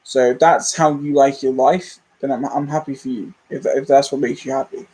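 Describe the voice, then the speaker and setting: A man's voice: mid-range voice, steady tone, normal speed, a little mellow, slightly rough, rough recording. A young man, rambling candidly and self-deprecatingly as a movie channel host in a casual livestream chat.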